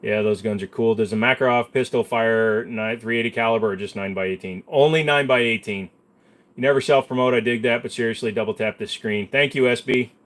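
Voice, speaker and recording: A man's voice: mid-range voice, fairly even intonation, a little fast, fairly bright tone. A male host in a casual livestream chat, laid-back, joking and profane.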